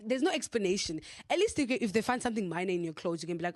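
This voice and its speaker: A woman's voice: medium pitch, very animated, very fast, hardly any pauses, a little mellow, no echo, clean studio sound. A young woman from South Africa with a South African accent, out of breath, chatting casually as a podcast host and rambling with lots of fillers. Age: young adult. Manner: chatty, rambling, with many fillers and self-corrections. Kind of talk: casual storytime chat.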